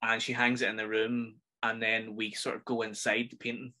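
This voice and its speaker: A man's voice: fairly low pitch, flat delivery, moderate pace, sharp tone. A man with a Northern Irish accent hosting a casual film review podcast, chatty and enthusiastic as he rambles through his thoughts. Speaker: podcast host.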